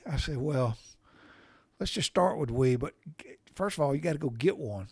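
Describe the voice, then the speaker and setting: A middle-aged man telling a personal story on his podcast in a loose, folksy way, peppered with mild cussing and self-mocking laughs. His voice sits at an everyday male pitch. The recording is close and dry, with almost no room sound. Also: animated, normal speed, creaky, pauses often, darkish tone, breathy edge, dry recording. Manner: folksy, salty, laughs at himself. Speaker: podcast host. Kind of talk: casual storytelling monologue.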